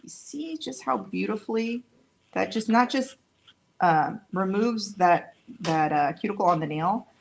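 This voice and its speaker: Her mid-range voice is expressive and carries vocal fry, and she speaks at a measured pace while demonstrating nail tools live. Casual, a little tired and chatty, this nail tech jokes at herself as she works.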